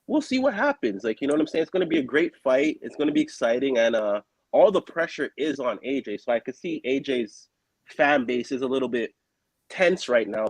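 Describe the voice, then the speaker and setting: A man's voice: fairly high pitch, slightly rough, no room sound. A man calling into a boxing live stream, talking casually and defending himself with lots of fillers. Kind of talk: casual argument.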